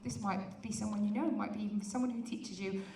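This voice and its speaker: A woman's voice: medium pitch, steady tone, fast talker, darkish tone. A woman hosting a live student event, hyping the crowd and joking with the audience. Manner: bubbly, teasing the audience. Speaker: event host. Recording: echoey hall, voice from a distance.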